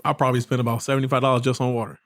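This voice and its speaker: A man's voice: mid-range voice, little pitch movement, very fast. A man co-hosting a casual podcast, teasing and laughing with the group. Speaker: podcast co-host.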